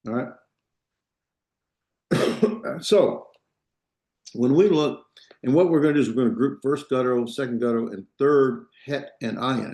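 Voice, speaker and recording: Relaxed male teacher in a roomy classroom. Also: medium pitch. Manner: loose, restarts often, checks in with students. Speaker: Biblical Hebrew teacher. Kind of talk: classroom lecture.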